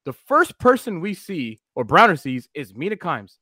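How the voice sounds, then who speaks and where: A man's voice: a little high, sing-song, moderate pace, sharp tone, dry recording, clean studio sound. A man hosting a casual sports talk show, a brash, joking storyteller. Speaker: sports radio host.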